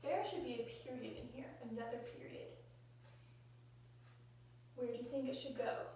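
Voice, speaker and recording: High-voiced woman teacher in an echoey room. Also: normal speed, dark tone, a little hiss or hum. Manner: patient, explains step by step, asks questions. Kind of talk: classroom grammar lesson. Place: classroom. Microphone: phone recording from across the room. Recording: echoey room, distant phone mic.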